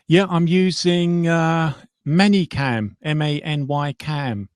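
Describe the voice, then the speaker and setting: A polite Englishman talks on a livestream in a slightly higher voice, self-deprecating and quick to chuckle. The sound is close and dry. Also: steady tone, clean tone, no room sound. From England. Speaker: guest. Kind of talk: casual livestream chat.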